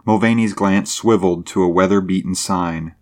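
A man reading a story aloud in steady, measured scripted narration. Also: low voice. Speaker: audiobook narrator.

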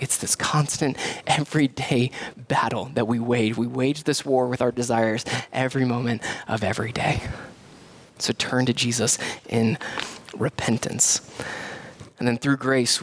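A man, preaching a sermon as pastor, animated and repeating key phrases for emphasis. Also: unhurried. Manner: animated, swings to high mimicking voices for quoted people.

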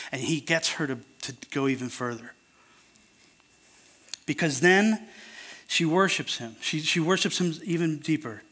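A man's voice: a little high, sharp tone. A man preaching an earnest, conversational sermon that turns emphatic at times.

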